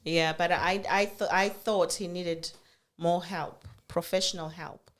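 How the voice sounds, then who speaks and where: A woman's voice: lowish voice, a little slow. A middle-aged woman from Africa, chatting casually and telling family stories with frequent laughs and restarts. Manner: animated storyteller, laughs often, many restarts. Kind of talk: casual chat.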